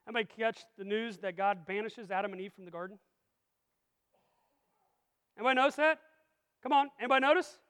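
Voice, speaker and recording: A pastor preaching a sermon in a church sanctuary, energetic and full of rhetorical questions to the congregation. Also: male voice, sits high, fast talker, pauses often, clear, resonant tone. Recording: long reverb of a large hall.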